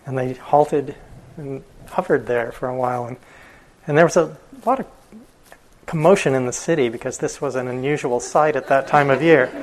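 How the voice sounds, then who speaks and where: A male meditation teacher telling a story in a dharma talk, relaxed, with fillers and chuckles. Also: mid-range voice, normal speed, low-quality recording.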